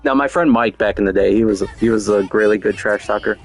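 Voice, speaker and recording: A man's voice: on the low side, fast talker, soft background music. A man talking casually in a boastful, rambling way, chuckling now and then as he goes. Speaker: show host. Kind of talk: casual monologue.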